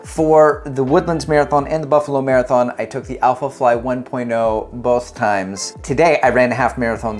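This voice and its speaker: A middle-aged man chats to camera about his running in an easy, jokey way, often poking fun at himself. His voice sits at an ordinary pitch, and faint music plays underneath. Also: a little mellow. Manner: jokey, self-mocking, chatty with fillers and restarts. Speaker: running vlogger. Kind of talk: casual chat to camera.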